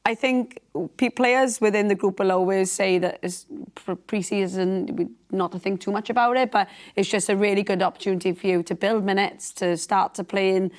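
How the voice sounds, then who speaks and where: A woman's voice: mid-range voice, steady tone, normal speed, few pauses. A woman football pundit chatting casually, thinking aloud with many fillers. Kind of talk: casual chat.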